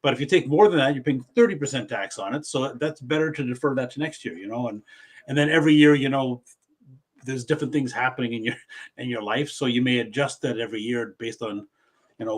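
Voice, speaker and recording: A man's voice: mid-range voice, quick pace, breathy edge. Man explaining retirement finances plainly. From Canada. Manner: explanatory, with frequent restarts. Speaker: financial planner. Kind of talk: casual Q&A explanation.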